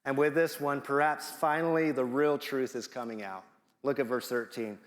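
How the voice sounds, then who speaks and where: A man's voice: medium pitch, fairly even intonation, normal speed. Playful man preaching in a reverberant hall. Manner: conversational, playful, acts out quoted voices. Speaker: guest preacher. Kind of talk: sermon. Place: church sanctuary.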